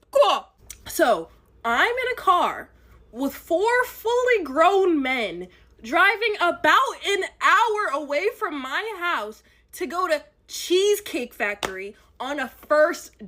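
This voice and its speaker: A young woman telling a first-date story in an animated, dramatic storytime monologue. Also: very high-pitched, takes it slowly. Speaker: storyteller in a clip.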